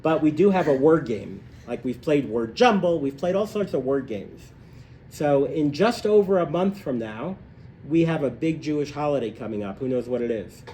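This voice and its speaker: A man teaching a live class, telling a story and acting out its characters in an animated way. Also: normal speed, a little hiss or hum. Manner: animated, acts out voices in stories, rises in pitch when excited. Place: hotel room, recorded live.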